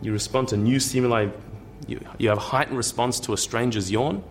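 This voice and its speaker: Guy lecturing casually, mid-pitched voice, keeps restarting and repeating words, dry little jokes, faint hum behind. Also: steady tone, a little fast. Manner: thinking aloud, repeats words and restarts, wry asides. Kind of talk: conversational lecture.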